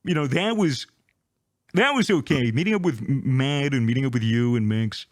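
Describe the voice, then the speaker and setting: A man telling a travel story in casual chat, animated and swearing, acting out the people he met. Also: medium pitch, normal speed, dry recording, studio quality.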